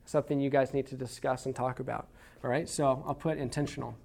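A Texas man teaches a church parenting class through stories, earnest and folksy, with lots of restarts. His medium-pitched voice is fast, flat in delivery, darkish, and carries vocal fry. There's slight background noise, and the talk is conversational teaching with stories.

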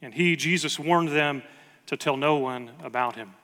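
A man's voice: a little high, normal speed, sharp tone, in a large hall. A man preaching a sermon with earnest emphasis, reading scripture aloud to his congregation. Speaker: pastor.

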